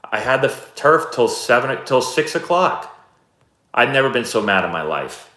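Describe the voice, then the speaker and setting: A man in his thirties hosting a live stream, answering chat questions in a relaxed, rambling, self-deprecating way. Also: medium pitch, normal speed. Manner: laid-back, rambling, self-deprecating storyteller. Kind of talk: casual chat. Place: indoor room, live stream. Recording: roomy echo.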